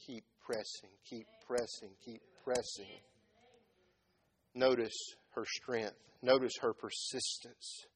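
A middle-aged man with a medium-pitched voice delivers a folksy sermon, dropping from quiet talk to loud, shouted peaks.

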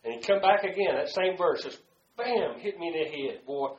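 A man preaching a sermon to a congregation, swinging from loud to hushed and calling out to the room. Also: a little high, animated, normal speed, reverberant, muffled recording. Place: church before a congregation.

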